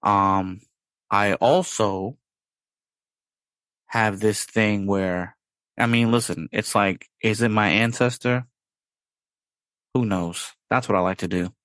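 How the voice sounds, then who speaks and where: A man with a fairly low voice hosting a podcast, chatting casually. He rambles and drops in playful sound-effect words as he talks. His voice is dry and close, with no room echo. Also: fairly even intonation, takes it slowly, pauses often, fairly bright tone. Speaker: podcast host. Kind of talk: casual chat.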